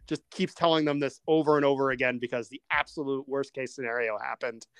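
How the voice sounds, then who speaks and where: A man hosting a casual movie-review podcast, steering the talk with lively asides and questions to his co-hosts. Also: medium pitch, smooth, no room sound. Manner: animated, quick asides, steers the discussion. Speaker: podcast host.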